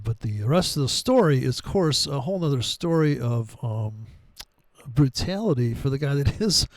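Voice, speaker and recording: A man's voice: medium pitch, a little mellow, no room sound. A middle-aged man giving casual, profane, wisecracking commentary on trading charts, wandering off on tangents.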